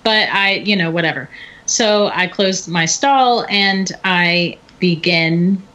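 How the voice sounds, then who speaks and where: A middle-aged woman telling a story in casual chat, animated and often laughing. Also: lowish voice, slow. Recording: dull lo-fi recording.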